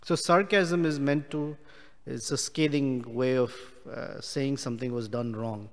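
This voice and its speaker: A man giving a scripture class, explaining Sanskrit words slowly with many pauses. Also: mid-range voice, steady tone, big-room sound. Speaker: class speaker.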